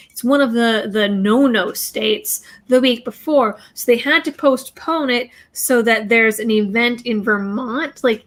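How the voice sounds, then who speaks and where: A woman with a slightly high voice chats loosely on a livestream. She is blunt and rambling, drifting from one thing to the next as she reads viewer messages aloud. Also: a bit bright. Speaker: livestream host reading viewer super chats. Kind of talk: casual livestream chat.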